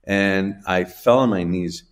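A middle-aged man, an interview guest, tells a personal story in a halting, emotional way with restarts and small laughs. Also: deep voice. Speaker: guest telling his story.

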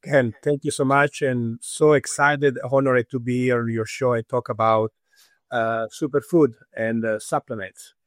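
A man with an Italian accent, a guest on a talk show, speaking earnestly and halting with fillers. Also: mid-range voice, fairly even intonation, no echo, studio quality. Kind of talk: interview talk.

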